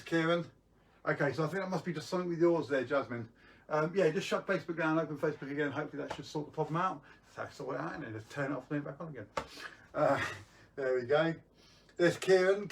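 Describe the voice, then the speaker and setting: A man's voice: fairly high pitch, distant mic. Chatty man, a little off-mic. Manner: rambling, chatty, many ums and restarts. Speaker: magician hosting a live stream. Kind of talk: casual live-stream chat to viewers.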